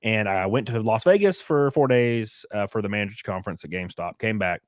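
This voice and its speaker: A man with a low voice talks candidly on a podcast and wanders through his story with plenty of fillers. The recording is dry and close, with no echo at all. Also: animated, a little fast. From United States. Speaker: podcast host. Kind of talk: casual chat.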